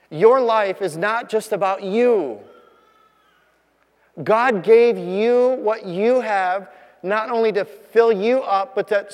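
A pastor with a high voice preaches in an easy, conversational way, leaning hard on key words and tossing rhetorical questions to his listeners. His voice rings out with the long reverb of a large hall. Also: a little mellow. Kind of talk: sermon.

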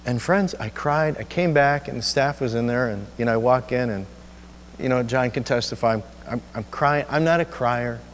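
A man's voice: mid-range voice, a little hiss or hum. Man preaching, emotional story, church reverb. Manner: emotional, repetitive storytelling with halting restarts. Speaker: pastor. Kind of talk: sermon with personal story. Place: church sanctuary.

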